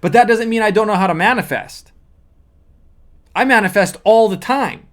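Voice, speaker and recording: A man's voice: high voice, normal speed. A man speaking as a manifesting coach, explaining step by step in an earnest teaching monologue with repeated emphasis.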